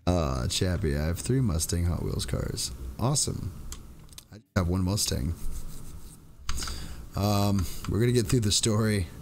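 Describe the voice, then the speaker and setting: A young man streaming and chatting casually with his viewers, reading their messages aloud in a loose, giggly, apologetic way. He says he is high. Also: expressive, unhurried, pauses often, darkish tone, a little hiss or hum.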